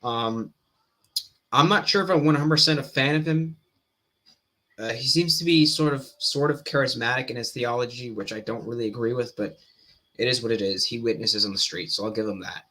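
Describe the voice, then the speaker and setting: Bright-voiced man reacting to a clip. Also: mid-range voice, brisk. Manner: hesitant, many restarts and fillers. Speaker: Christian apologetics commentator. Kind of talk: casual reaction commentary.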